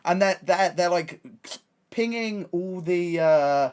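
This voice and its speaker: A young man with an English accent, a streamer telling a story in a casual, excitable way, full of slang and restarts. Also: high voice, takes it slowly, smooth. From England.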